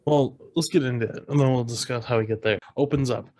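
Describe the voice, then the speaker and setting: A man's voice: mid-range voice, fast talker, darkish tone. Man casually recapping a movie plot. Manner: rambling plot recap with quoted lines. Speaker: podcast co-host. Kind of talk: casual movie-review chat.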